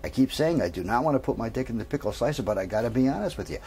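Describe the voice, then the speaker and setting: A man's voice: medium pitch, lively intonation, darkish tone, slight background noise, lightly acted. A man voicing a nervous male patient who keeps stumbling over his words, in a told joke. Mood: sheepish. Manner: halting, repeats words. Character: stammering, obsessed male patient.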